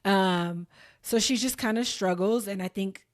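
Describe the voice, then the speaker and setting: A woman's voice: medium pitch, a little slow. An American woman co-hosting a book podcast, chatting casually and laughing often as she recaps the story. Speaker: podcast co-host.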